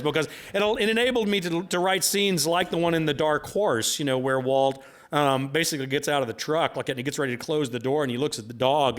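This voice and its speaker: A man's voice: a little high, a bit bright. A man, an author, telling stories to an audience in a rambling, self-deprecating way, full of repeated filler phrases. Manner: self-deprecating humor, laughs at his own jokes. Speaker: author speaking at a book event. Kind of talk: live storytelling talk to an audience.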